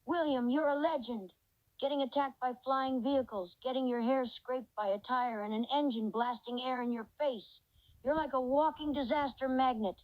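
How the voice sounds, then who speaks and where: A woman's voice: high-pitched, normal speed, dry recording, dull audio, lightly acted. A woman's synthetic voice playing a cheerful reindeer companion in an AI chat role-play, effusive and full of praise. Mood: amused. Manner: effusive, reads out its own laughter cues.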